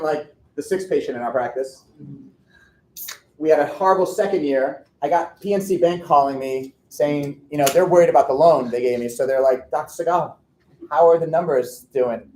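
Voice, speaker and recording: A man's voice: a little high, darkish tone. A middle-aged man, an orthodontist, giving a humorous storytelling talk to an audience. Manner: humorous, self-deprecating anecdotes. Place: lecture room with an audience. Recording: echoey room.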